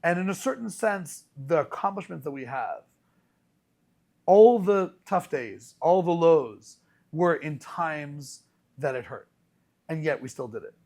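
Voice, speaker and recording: A man hosting a podcast as a rabbi, telling stories in a casual, animated way with many restarts. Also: a little high, a little slow. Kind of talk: casual conversational storytelling.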